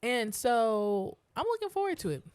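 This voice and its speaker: A bubbly female podcast co-host whose pitch swoops up and down as she talks. She chats casually and laughs easily. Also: moderate pace, clean tone. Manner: bubbly, animated, laughs often. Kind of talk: casual chat.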